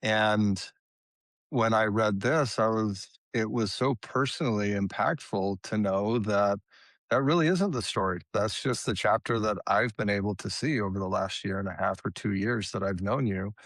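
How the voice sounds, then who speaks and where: Male podcast host, earnest and sincere, lower voice. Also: measured pace, fairly bright tone, no room sound. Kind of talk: interview.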